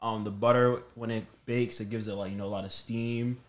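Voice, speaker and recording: Man explaining haltingly on a podcast. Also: on the low side, flat delivery. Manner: explains haltingly, with many fillers. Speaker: podcast co-host. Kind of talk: casual chat.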